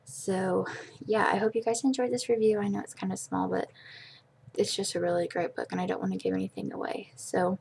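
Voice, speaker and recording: A young woman giving a casual, gushing book review for her vlog, with many fillers and excited praise. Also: mid-range voice, fairly quick, gravelly, slight background noise.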